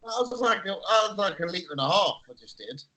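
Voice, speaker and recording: A man's voice: high voice, very animated, brisk, bright, forceful tone, low-quality recording. A man co-hosting a podcast over a call, dry and laid-back in casual banter while eating. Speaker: podcast co-host. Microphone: video call.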